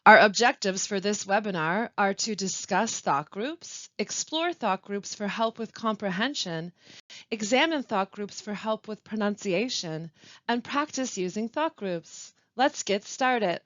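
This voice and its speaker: Lively-pitched woman teaching pronunciation. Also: no echo. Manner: clear, deliberate teaching delivery with careful pauses. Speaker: language support specialist. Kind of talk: instructional webinar narration. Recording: dull, lo-fi dry voice-over.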